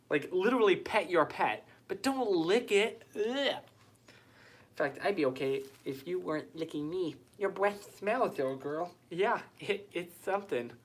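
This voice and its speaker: A man's voice: high voice, fairly bright tone. A man hosting a casual live stream from a small white-walled room, chatty and self-mocking, reading viewer comments aloud into a phone.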